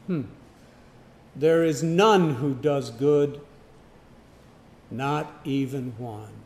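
A man preaching a sermon, emphatic, swinging from loud declarations to hushed asides. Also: on the high side. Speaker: pastor.

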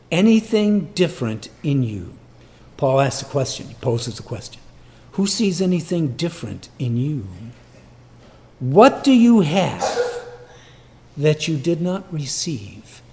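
A male preacher delivering a sermon in a slow, deliberate way. His voice is gravelly, and his pitch leaps around, from loud, emphatic lines down to quiet, low asides. Now and then he slips into quick quoted bits, acting out boastful voices. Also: big pitch swings.

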